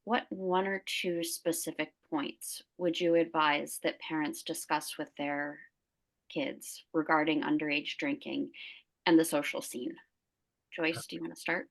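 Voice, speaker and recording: A woman's voice: sits low, steady tone, measured pace, gravelly, low-quality recording. A woman moderating a webinar, politely asking the panel questions.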